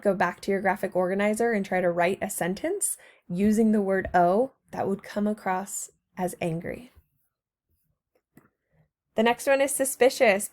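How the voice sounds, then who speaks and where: A woman's voice: mid-range voice, darkish tone. A woman teacher narrating a recorded slideshow lesson to her students, patient and encouraging, speaking to them directly.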